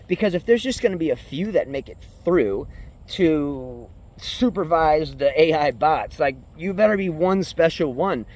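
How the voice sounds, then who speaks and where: A man's voice: a little high, darkish tone. A man talking in a rambling, earnest way while walking uphill outdoors, a bit out of breath. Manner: rambling, earnest, with fillers and restarts. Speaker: tennis vlogger. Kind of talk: casual vlog monologue. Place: outdoors on a hill.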